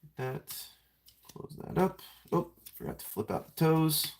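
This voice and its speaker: A young man talks his way through transforming a toy on a live stream, rambling and poking fun at himself as he goes. His pitch swings widely, jumping from muttered asides to bursts of loud exasperation. He breaks off to greet viewers in the chat. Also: wildly swooping pitch, unhurried, gravelly. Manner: rambling, self-mocking, talks to chat while fiddling.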